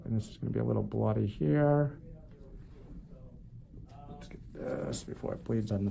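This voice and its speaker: A man working as a foot doctor, narrating a procedure as he does it in a clinic treatment room. He talks in a calm, explanatory way and jokes with his patient. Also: medium pitch, moderate pace, vocal fry, long pauses, slight background noise.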